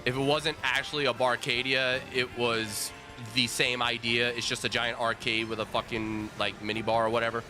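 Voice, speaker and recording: A man streaming with viewers, telling a casual, animated story with plenty of swearing and restarts. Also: mid-range voice, normal speed, few pauses, over music. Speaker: streamer host. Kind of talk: casual storytelling while gaming.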